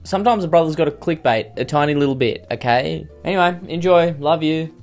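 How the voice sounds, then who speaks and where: A man's voice: fairly high pitch, brisk, darkish tone. Sarcastic joking man with music underneath. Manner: sarcastic, joking, self-mocking. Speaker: YouTuber host. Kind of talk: comedic vlog commentary.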